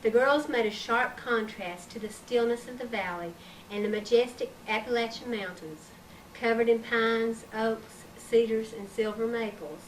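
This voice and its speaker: A woman reading her own story aloud in a measured, expressive way, recorded on an old tape. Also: on the high side. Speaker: author reading her book. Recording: distant mic, faint hiss, 1990s tape.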